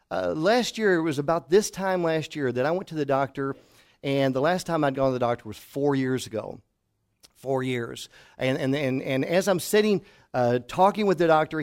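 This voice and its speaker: A man's voice: a little high, brisk. Middle-aged man preaching a sermon. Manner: storytelling preacher, drops to a hush for emphasis. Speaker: pastor. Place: church hall before a congregation.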